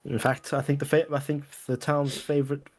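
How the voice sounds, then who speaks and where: A man playing a character in a tabletop game, wry and measured, with loose fillers. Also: fairly high pitch, flat delivery, faint music behind. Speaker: player.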